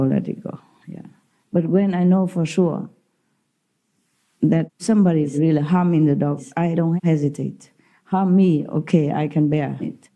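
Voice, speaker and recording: A woman's voice: fairly low pitch, mellow. A woman spiritual teacher giving an informal talk to disciples, telling stories in simple non-native English and laughing often.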